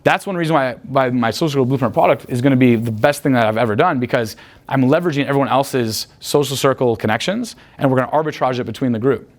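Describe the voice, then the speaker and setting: Rapid-fire, profane male dating coach. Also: medium pitch. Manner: rapid, profane, chatty, asks "right?" often. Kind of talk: live seminar talk. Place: room with a live group.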